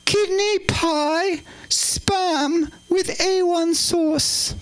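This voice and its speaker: A man with an English accent doing a stately impression of an elderly queen, slow and prim. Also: extremely high pitch, fairly even intonation, pitched above the performer's own voice, heavily acted. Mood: regal. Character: elderly prim regal old queen, woman.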